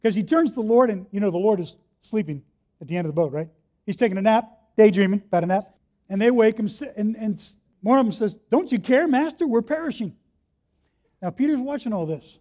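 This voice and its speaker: A man preaching a sermon, telling the story vividly and swinging between hushed and loud delivery. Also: high-pitched, expressive, fast talker. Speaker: pastor.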